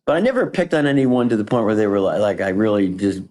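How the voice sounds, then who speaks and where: A man, a comedian guest, telling animated stories in casual podcast chat and acting out the people in them. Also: on the low side, fast talker. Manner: animated storyteller, acts out voices in quotes.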